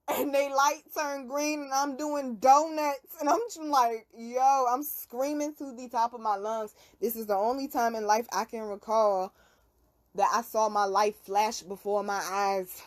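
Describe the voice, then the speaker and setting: Brief: young female host, fairly high pitch, loose slangy storyteller who swears freely and acts out scenes. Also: a little slow. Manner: animated, profane, slangy storytelling with screamed reenactments. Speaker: podcast host. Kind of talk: casual storytelling.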